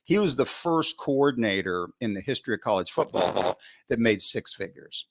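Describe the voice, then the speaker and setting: In a fairly low voice at a moderate pace, a middle-aged football coach tells stories from his coaching career during a podcast interview. He acts out his earlier thoughts with animation, frequently restarting and sprinkling in "you know."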